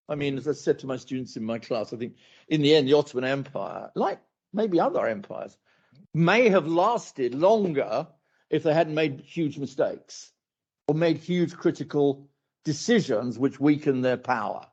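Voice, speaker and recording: A man's voice: a little high, sing-song, normal speed, darkish tone, breathy edge. A male academic answering a question at a university talk, rambling with many asides and repeated phrases, on a dull lo-fi recording. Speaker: academic speaker.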